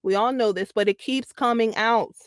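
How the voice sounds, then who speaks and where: A woman talks through her views as a guest on a talk show, pressing each point by saying it again and breaking into easy laughter. Her voice sits a little high. The sound is dry and close, with no room around it. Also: moderate pace, no room sound. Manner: emphatic, repeats points, laughs easily. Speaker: podcast guest. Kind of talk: casual commentary chat.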